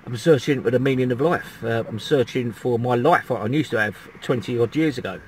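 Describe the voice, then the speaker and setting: A man's voice: medium pitch, a little fast, darkish tone, slight background noise. A middle-aged man, chatting and rambling as he vlogs from his campervan, swearing now and then. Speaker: campervan vlogger. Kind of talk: casual rambling vlog chat. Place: outdoors by a campervan in the sun.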